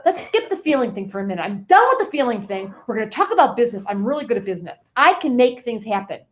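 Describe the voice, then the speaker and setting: Woman doing a high-voiced, whiny, oversensitive Cancer personified, melodramatic and self-pitying. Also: very animated, fast, poor audio. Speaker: comedic character performer. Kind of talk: improv comedy character.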